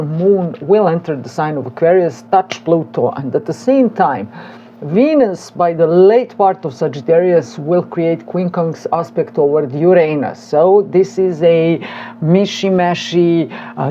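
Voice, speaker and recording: A woman astrologer talking through her weekly forecast in a chatty, animated way, with frequent hesitations. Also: sits low, highs cut off, slight background noise. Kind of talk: casual weekly forecast monologue.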